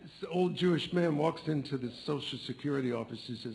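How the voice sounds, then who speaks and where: A man's voice: medium pitch, fast talker, creaky, hardly any pauses, darkish tone, rough recording. A man telling jokes, switching into character voices for the punchlines. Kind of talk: joke telling. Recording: faint background noise.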